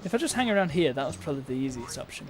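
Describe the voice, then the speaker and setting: A man talks his way through a live game stream in a playful, self-mocking, chatty way. His voice sits at an ordinary middle pitch, and game music plays clearly underneath him. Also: very animated, rapid-fire.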